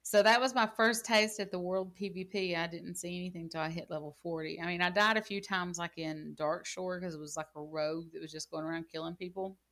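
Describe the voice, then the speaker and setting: A woman's voice: on the low side, fairly even intonation, a little fast, hardly any pauses, fairly bright tone. A woman in casual gaming chat, telling rambling stories full of "like" and "you know.". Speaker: gaming channel co-host.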